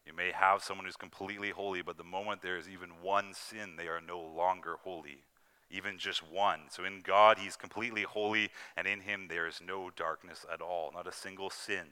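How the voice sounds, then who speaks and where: A man preaching an earnest, emphatic sermon, slowing down to stress scripture quotes. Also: sits low, fairly even intonation, bright, forceful tone, clean tone.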